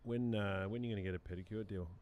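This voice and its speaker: An Australian man with a lowish voice talks through a live football match in casual chat. He teases his co-hosts and fires off quick, excitable reactions to the play. A faint hiss of noise sits under his voice. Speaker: co-host of a live football watch-along stream.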